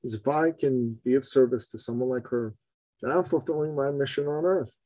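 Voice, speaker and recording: A man in a podcast interview, telling a story with chummy energy and animated pitch leaps. His voice sits mid-range and is recorded dry and close, with no room sound. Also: a little fast, no echo, rough recording. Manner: animated, swings pitch widely for emphasis; chummy, calls the host buddy and brother. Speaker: entrepreneur guest.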